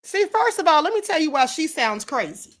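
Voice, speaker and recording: A woman's voice: high voice, sing-song, fairly quick, a bit bright. A woman hosting a live stream, giving casual opinionated commentary on clips and reading viewer comments aloud.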